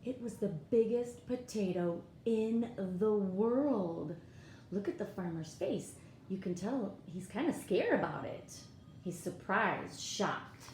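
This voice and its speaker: A woman's voice: mid-range voice, lively intonation, slow pace, a little mellow, reverberant, a little hiss or hum. A woman reading a picture book aloud to children, pointing out the pictures and asking her listeners questions. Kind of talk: read-aloud storytime.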